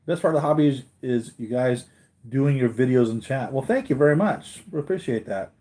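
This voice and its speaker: A man's voice: mid-range voice, expressive, a little fast, mellow. Give me a tired man chatting loosely with his stream viewers, voice in a middle range. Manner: rambling, chatty, restarts a lot while talking to viewers. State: tired from a sleepless night. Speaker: collector hosting a live unboxing stream. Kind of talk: casual live-stream chat.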